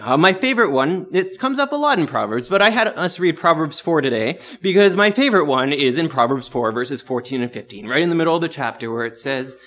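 A man's voice: on the high side, fairly bright tone. Chatty self-mocking male preacher. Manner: conversational, self-deprecating, laughs at himself. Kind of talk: casual sermon with personal story.

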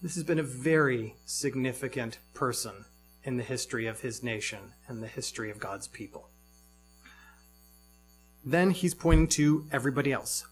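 A man's voice: medium pitch, normal speed, faint music behind. A man preaching a sermon in a reflective way, asking many rhetorical questions.

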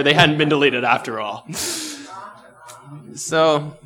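A man's voice: on the high side, moderate pace, a bit bright, faint music behind. A young man preaching a casual, conversational sermon, telling a story against himself and laughing at his own mistakes.

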